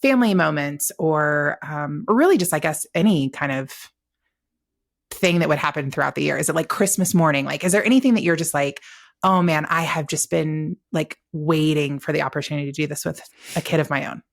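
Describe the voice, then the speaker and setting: A woman's voice: low-pitched, brisk, vocal fry. A woman hosting a podcast, chatting with a friend in a loose, playful way full of likes and ums. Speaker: podcast host. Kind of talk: casual conversation.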